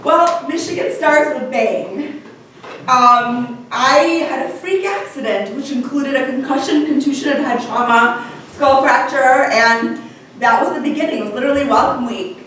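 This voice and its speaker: A woman's voice: high voice, moderate pace, a bit bright. A woman telling a personal story on stage, chatty, saying "like" and "literally" often. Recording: echoey hall from far off, faint noise.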